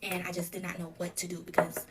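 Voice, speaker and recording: Fast-talking woman telling her own story. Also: fairly low pitch, monotone, heavy background noise. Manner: rapid, emotional retelling full of "like". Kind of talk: casual storytime confession.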